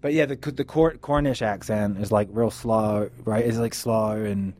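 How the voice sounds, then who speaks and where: A man's voice: on the low side, normal speed, a little mellow. A man as a podcast guest, easygoing and agreeable in casual chat.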